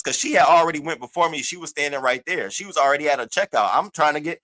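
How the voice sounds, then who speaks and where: A man hosting an online show, telling a story in a loud, profane, animated rant and acting out the other people's voices. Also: on the high side, fast talker. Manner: acts out the other voices in his stories. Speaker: host of an online news show. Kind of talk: casual livestream rant.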